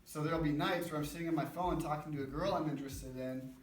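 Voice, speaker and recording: A man's voice: fairly high pitch, steady tone, fast. A young man giving an informal, conversational sermon at a church men's breakfast, with a self-deprecating manner. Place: church gathering room. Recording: roomy, distant mic, faint background noise.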